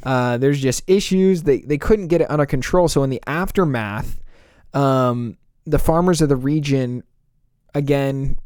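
A man's voice: mid-range voice, unhurried, darkish tone, smooth, no echo, clean studio sound. A man co-hosting a casual podcast, telling a history story with jokes and frequent laughs. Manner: laughs often, jokey storytelling. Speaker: podcast co-host. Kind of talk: casual chat.

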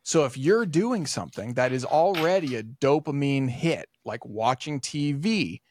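A man co-hosting a casual podcast, telling rambling stories full of swearing and animated retellings. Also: mid-range voice, unhurried, no echo. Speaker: podcast co-host.

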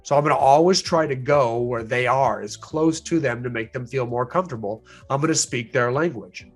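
Over soft background music, a man with a mid-range voice gives an instructional talk on sales and negotiation at a moderate pace. He is animated, acts out the voices of the people he quotes, and chuckles now and then.

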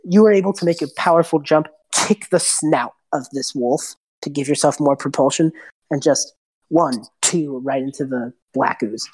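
Casting: woman game master, very low husky voice, loose and laughing. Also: moderate pace, darkish tone. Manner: loose, laughing, full of fillers. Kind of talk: narrating a tabletop game.

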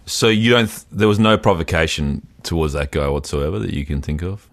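Deep-voiced man, dry and teasing. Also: brisk, no room sound. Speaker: podcast co-host. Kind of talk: casual chat.

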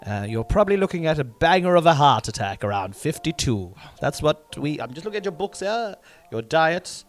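A man putting on a brisk English death clerk. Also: fairly high pitch, sing-song, faint music behind, pitched above the performer's own voice. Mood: officious. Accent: put-on English. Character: brisk male official reading out a death schedule.

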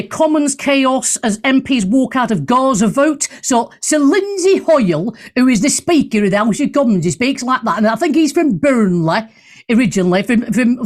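A middle-aged woman hosting a talk radio show, giving a brash, sarcastic monologue with theatrical asides. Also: a little high.

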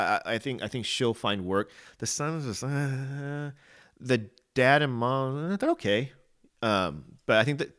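A man with a fairly low voice talks through a casual podcast chat as co-host. He hesitates and restarts his sentences often, yet states his opinions firmly. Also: fairly bright tone.

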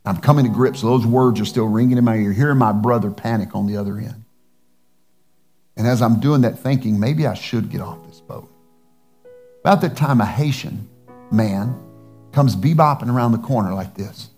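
Earnest pastor telling a story. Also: male voice, lowish voice, normal speed, a little mellow, faint music behind. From United States. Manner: earnest storyteller acting out dialogue, with restarts. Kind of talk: sermon storytelling.

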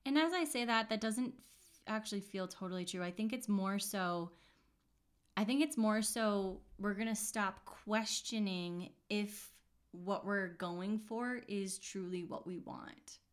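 A woman with a mid-range voice hosts a relaxed spiritual podcast. She talks in a loose, chatty way, full of little fillers and restarts. Her tone is earnest and reassuring throughout. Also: medium pitch, measured pace. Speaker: podcast host giving intuitive readings. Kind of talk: casual spiritual podcast monologue.

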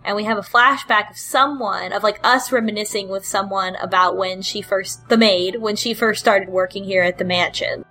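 A woman's voice: medium pitch, fairly even intonation, normal speed, hardly any pauses, sharp tone, soft background music, low-quality recording. A woman hosting a casual podcast chat, recapping a game in a rambling, hesitant way with cheeky asides. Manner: rambling, hesitant, with frequent ums and laughs; cheeky and irreverent.

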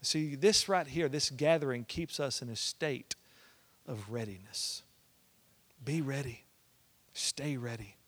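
A man, a pastor preaching and telling a family story, swinging between loud and hushed. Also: mid-range voice, takes it slowly, long pauses. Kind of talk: sermon with personal storytelling.

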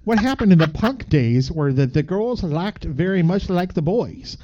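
A man reading aloud haltingly in a put-on Canadian accent, adding "eh" to his sentences. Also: high voice, animated, mellow, pitched above the performer's own voice. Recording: dull lo-fi podcast audio.

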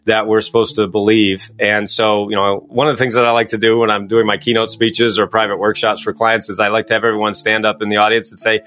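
Fast-talking bright-voiced man. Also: lowish voice. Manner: fast, energetic, emphatic. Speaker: podcast guest, coach. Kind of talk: interview answers.

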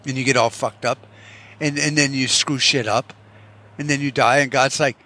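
A man talking through loose what-if questions in an offhand, rambling way, swearing freely as he goes. His pitch sits in an ordinary middle range for a man, and the delivery is a casual solo vlog. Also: steady tone, moderate pace, sharp tone. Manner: profane, musing, rhetorical what-ifs. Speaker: vlogger.

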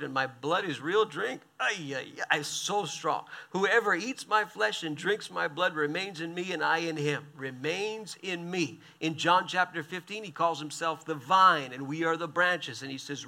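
A man preaching a sermon, reading scripture aloud and breaking in with quick, animated asides. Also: on the high side, creaky. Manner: animated, quick asides between read passages.

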